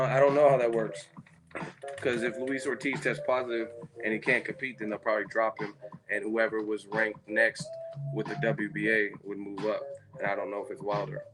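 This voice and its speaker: A man hosting a live-stream chat, rambling and profane as he riffs on viewer comments. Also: on the low side. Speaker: host.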